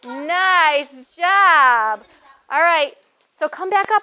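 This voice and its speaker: A woman's voice: sits high, animated, drawn-out words, long pauses, bright, forceful tone, low-quality recording. A young adult woman guiding a children's yoga class with playful, sing-song encouragement.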